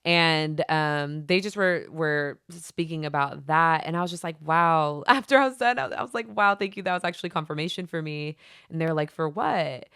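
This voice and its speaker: A young adult woman hosting a faith podcast, retelling events in a chatty, animated way full of fillers. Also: low voice, normal speed, clear, resonant tone, no echo, studio quality. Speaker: podcast host. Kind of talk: casual faith podcast storytelling.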